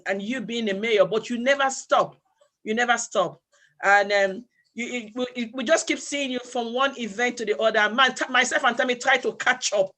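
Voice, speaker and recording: A woman who heads the organization, closing an event with proverbs and thanks in a measured way. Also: a little high, bright, forceful tone. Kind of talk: closing remarks at a community event.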